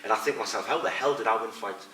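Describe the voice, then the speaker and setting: A man's voice: lowish voice, racing. A middle-aged man being interviewed, bluntly telling fight stories and acting out what others said. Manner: blunt, animated anecdote-telling with quoted voices. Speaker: interviewee, retired fighter and coach. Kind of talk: casual storytelling interview. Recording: echoey room, distant mic, faint noise.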